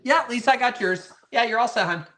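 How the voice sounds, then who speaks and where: A man's voice: extremely high pitch, brisk, pushed and bright. A man hosting a live online vintage sale, chatting casually and thanking his viewers often. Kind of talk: casual live-stream chat.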